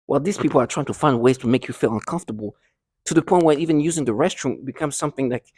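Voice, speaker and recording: A man's voice: mid-range voice, fast, a little mellow, slightly rough, no echo, studio quality. A man talking agitatedly to the camera in a rambling monologue, full of restarts and bitter laughs, sometimes dropping to a near whisper. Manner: drops to a near whisper at times. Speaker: vlogger.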